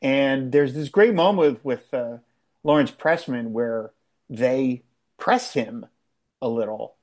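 A man in casual conversation, rambling and animated as he recaps a television episode, with frequent restarts. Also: medium pitch, slow pace. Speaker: podcast co-host. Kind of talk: casual chat.

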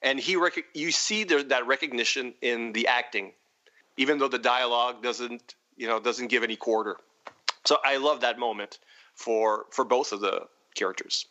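A man talking through a film on a podcast in a casual way, pausing often with fillers and restarts. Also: mid-range voice, pushed and bright, muffled recording. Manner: halting, many fillers and restarts. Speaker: podcast panelist.

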